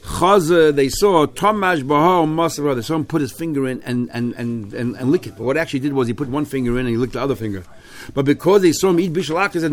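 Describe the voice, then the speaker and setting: A man teaching a Talmud class, translating line by line and retelling the story with lively, restarting delivery. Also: medium pitch, fast. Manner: animated storytelling with frequent restarts.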